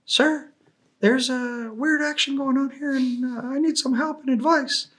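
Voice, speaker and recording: A man's voice: very high-pitched, measured pace, fairly bright tone, voice pushed up. A man voicing a young, nervous male soldier who sounds afraid and hesitant.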